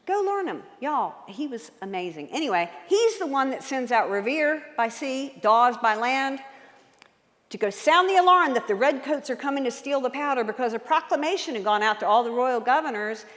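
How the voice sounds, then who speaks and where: Animated woman speaker in a reverberant hall. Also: high-pitched, moderate pace. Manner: enthusiastic, quizzes the audience with questions. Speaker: guest speaker and author. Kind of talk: lively history talk to a live audience. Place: large church hall.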